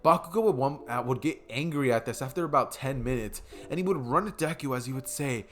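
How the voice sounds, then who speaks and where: A man's voice: medium pitch, a little fast, hardly any pauses, a bit bright. A young man casually narrating an improvised fan story, rambling with many fillers.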